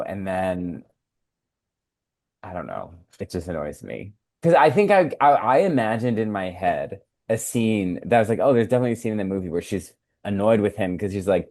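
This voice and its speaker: Podcast co-host, male, very low voice, loose filler-heavy recap delivery. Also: big pitch swings, moderate pace, a little mellow, dry recording, clean studio sound. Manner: rambling recap with many fillers. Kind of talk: casual podcast chat.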